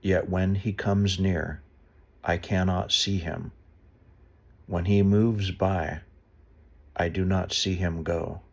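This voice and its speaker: A man reading a Bible passage aloud slowly and deliberately, stopping now and then to explain the footnotes. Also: low-pitched, fairly even intonation, vocal fry, darkish tone. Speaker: Bible reader. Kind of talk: unscripted Bible reading with asides.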